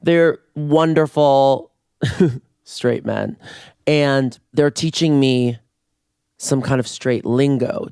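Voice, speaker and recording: A man hosting a casual solo podcast, playful and campy, breaking into screams, his voice going hoarse. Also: medium pitch, takes it slowly, long pauses, a little mellow, no echo, clean studio sound. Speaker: podcast host. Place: residence room in Toronto. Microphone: podcast mic on video.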